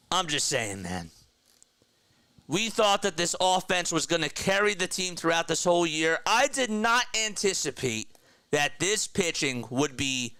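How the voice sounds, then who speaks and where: A young man hosting a casual baseball fan livestream, excitedly talking to his chat. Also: a little high, clear, resonant tone, dry recording. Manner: excited, animated, talks to chat as "bro" and "man". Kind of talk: casual post-game fan talk, reading chat.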